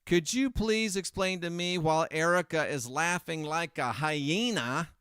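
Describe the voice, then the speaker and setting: Guy host rambling sarcastic commentary, slightly high voice, really clear and crisp. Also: measured pace, a bit bright, dry recording, studio quality. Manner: sarcastic, rambling, self-correcting asides. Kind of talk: casual commentary monologue.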